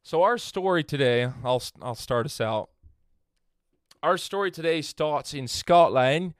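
A male podcast host with a slightly raised, smooth and resonant voice. He sounds congested from a head cold and talks in a loose, chatty way, full of fillers and restarts. The recording is dry and close. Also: fairly high pitch, animated, unhurried, no room sound. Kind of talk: casual podcast chat.

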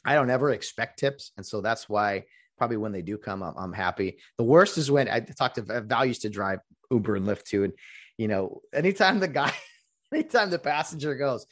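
Guy rambling about his driving gigs, voice goes up and down a lot, lots of restarts. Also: fairly quick. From California. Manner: rambling, restarts often, lively pitch. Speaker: rideshare driver. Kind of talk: casual vlog monologue.

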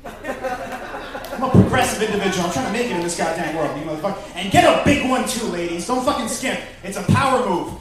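High-voiced profane stand-up man. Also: expressive, brisk, distant mic. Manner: profane, loud crowd work. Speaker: stand-up comic. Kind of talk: stand-up routine. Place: comedy club stage. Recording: echoey club, mic off-axis, crowd audible.

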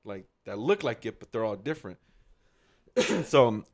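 A man's voice: medium pitch, a little slow. A young man co-hosting a casual podcast chat, telling a story with lots of swearing and acted-out quotes. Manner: animated, profane, acts out quotes. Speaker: podcast co-host.

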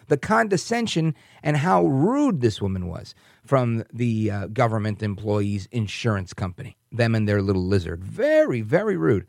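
A man's voice: medium pitch, very animated, moderate pace, vocal fry, a little mellow, no echo, studio quality. A middle-aged man, hosting a talk radio show and ranting as he tells a story, now and then mimicking other people's voices.

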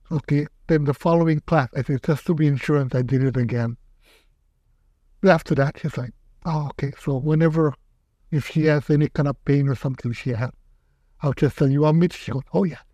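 Older man, mellow, lively storyteller voicing quotes, slightly high pitch. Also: a little fast, long pauses, dry recording. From Hawaii. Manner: animated, acts out quotes in raised voice. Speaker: aikido teacher, guest. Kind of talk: casual storytelling interview.

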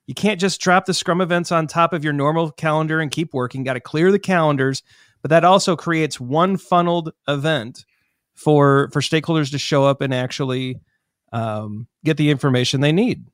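A man co-hosting a podcast in casual discussion, emphatic and listing points in quick succession. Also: on the high side, no echo, clean studio sound. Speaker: podcast co-host.

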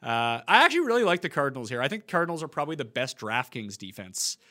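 Animated, bright-voiced young man. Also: mid-range voice, quick pace. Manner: animated, joking, swears casually. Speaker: podcast co-host. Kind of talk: fantasy football chat.

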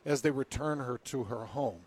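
A radio host telling a news story and reading quotes, in a casual, lively storytelling manner. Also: male voice, medium pitch, moderate pace, breathy edge. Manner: storytelling, reads quotes in a put-on British accent.

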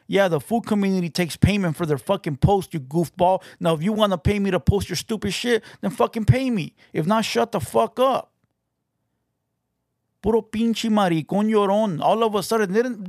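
A man's voice: high voice, dry recording, clean studio sound. A man hosting a podcast, giving heated, profanity-laced reaction commentary and taunting his critics. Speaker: podcast host reacting to clips.

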